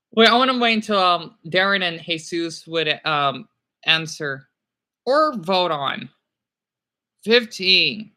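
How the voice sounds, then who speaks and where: A man's voice: high voice, lively intonation, slow, pauses often, sharp tone. A young man chatting to viewers on a livestream, rambling and apologetic, with many halts and fillers. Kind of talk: rambling live chat with viewers.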